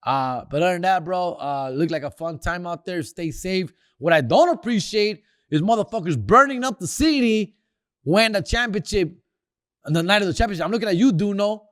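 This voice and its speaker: A man rants about sports in a loose, profane street drawl, tossing in Spanish slang. His voice sits a bit high for a man. The sound is dry and close, with no room around it. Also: animated, moderate pace, a bit bright, no echo. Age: older. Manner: slangy, profane, mixes Spanish words into English. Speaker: comedian hosting a sports segment. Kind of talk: casual sports rant.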